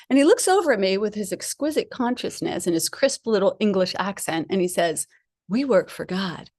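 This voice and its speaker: A woman's voice: mid-range voice, normal speed, dry recording, clean studio sound. A middle-aged woman giving a spiritual talk, chatty and laughing often as she tells personal stories. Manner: chatty, laughing, lively storytelling. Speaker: guest speaker.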